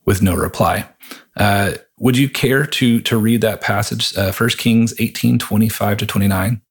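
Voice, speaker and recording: A man with a fairly low, husky voice talks casually about scripture and song lyrics. He thinks aloud, stopping and restarting his sentences as he goes. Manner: thoughtful, halting with frequent restarts and fillers. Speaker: podcast co-host reviewing a worship song. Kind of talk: casual Bible discussion.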